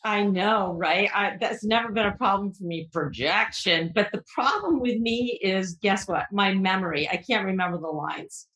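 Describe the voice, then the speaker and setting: A woman's voice: mid-range voice, normal speed, hardly any pauses, a bit bright. Woman, from Vermont, podcast co-host, playful, laughs easily, echoey room. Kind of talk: casual podcast banter and guest introduction.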